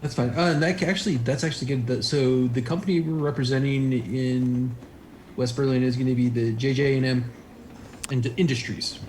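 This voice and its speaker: A man's voice: medium pitch, steady tone, a little fast, a little mellow, a little hiss or hum, rough recording. A man chatting hesitantly as a player in a tabletop game, with many ums and uhs. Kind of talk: casual tabletop game chat.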